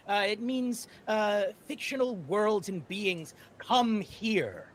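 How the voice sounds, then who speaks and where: A man narrating as game master of a tabletop game, lively, with frequent fillers and laughs. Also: high voice, slow, few pauses. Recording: faint background noise.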